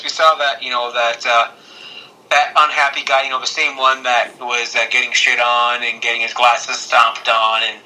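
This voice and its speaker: A man co-hosting a podcast, telling jokey stories in an animated way. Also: medium pitch, rough recording. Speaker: podcast co-host. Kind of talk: casual chat.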